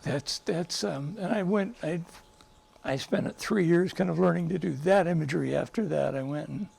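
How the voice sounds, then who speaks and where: An older man speaks to a group with a high voice full of grit and gravel. He tells stories earnestly and with emphasis, stopping to restart his sentences. His voice is husky. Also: normal speed, a little mellow. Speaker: psychologist and guest speaker. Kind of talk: speaking to a live group, storytelling.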